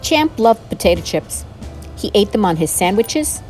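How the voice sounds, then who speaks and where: Woman storybook reader, expressive and animated, mid pitch, soft music under. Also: normal speed. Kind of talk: reading a picture book aloud.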